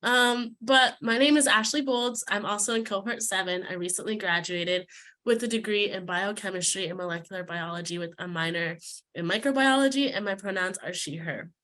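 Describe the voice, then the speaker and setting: A woman's voice: mid-range voice, moderate pace, a bit bright. A young woman giving a heartfelt, slightly emotional prepared talk as a student speaker. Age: young adult. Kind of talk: prepared speech.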